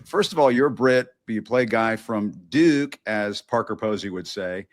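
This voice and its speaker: Low-voiced man hosting, casual and joking. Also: moderate pace. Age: middle-aged. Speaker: news show host. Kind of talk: live interview conversation.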